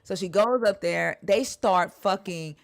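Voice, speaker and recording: A woman's voice: fairly low pitch, a little slow, creaky, a little hiss or hum. A woman in casual conversation, telling a story with lots of swearing and acted-out quotes. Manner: animated storyteller, swears freely, acts out quotes. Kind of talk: casual conversation about church experiences.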